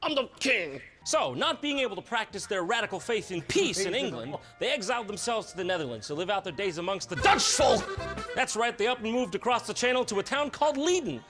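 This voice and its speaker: Man, comedic narrator, sarcastic and crude, high animated voice. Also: fairly quick, soft background music. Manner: sarcastic, swearing, bursts of shouting.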